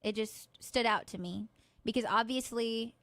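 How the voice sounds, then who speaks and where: A woman's voice: on the high side, normal speed, no room sound. A woman co-hosting a podcast, telling a story in casual chat, peppered with "like". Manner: animated storytelling, heavy use of "like". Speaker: podcast co-host.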